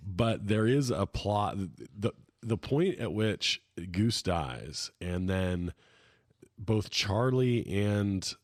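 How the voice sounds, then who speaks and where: A man co-hosting a casual movie podcast, animated and laughing often as he retells scenes. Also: fairly low pitch, very slow, no room sound, studio quality. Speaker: podcast co-host.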